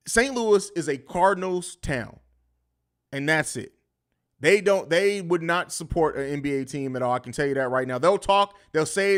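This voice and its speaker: A man hosting a live sports podcast, talking bluntly and riffing with plenty of profanity. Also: on the high side. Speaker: podcast host. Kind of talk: live-stream sports talk.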